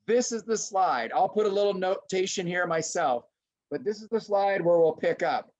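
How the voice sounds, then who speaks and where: A middle-aged man presenting a lively webinar lecture to teachers, acting out little scenes as he goes. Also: high-pitched, moderate pace. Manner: animated, acts out little scenes in voices. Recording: dull lo-fi webinar audio.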